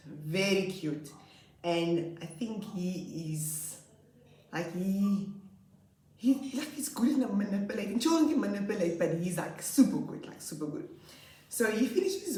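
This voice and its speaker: A young woman teacher casually telling funny stories about her class, laughing often and acting out her pupils. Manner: animated, laughs often, acts out her pupils in high voices. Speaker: grade 2 teacher. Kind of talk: casual storytelling vlog. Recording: roomy echo, slightly far from mic.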